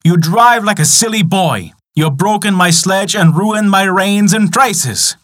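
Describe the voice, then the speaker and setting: A man's voice: sits high, a little slow, a bit bright, no room sound, studio quality, pitched above the performer's own voice. A man voicing a stern ancient wizard. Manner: stern, scolding. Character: ancient wise male wizard, stern and scornful.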